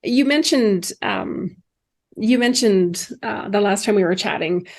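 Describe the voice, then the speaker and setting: A woman's voice: mid-range voice, a little slow, creaky. A woman hosting a casual interview, reacting effusively to her guest and asking rambling questions. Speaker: host.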